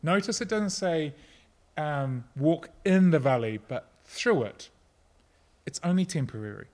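A middle-aged man preaching a sermon, earnest and personal, at times soft and reflective. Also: a little high, expressive, a little slow. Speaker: pastor.

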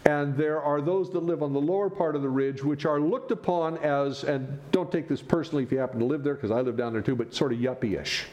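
Joking, animated male pastor preaching. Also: fairly high pitch, brisk, few pauses, lo-fi sound. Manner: animated, joking asides to the congregation. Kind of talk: sermon.

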